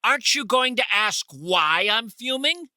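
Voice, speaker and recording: Animated, bright-voiced male podcast host. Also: very high voice, a little slow, dry recording, clean studio sound. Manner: animated, mock-outraged, theatrical. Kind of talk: rambling comic monologue and prank phone call.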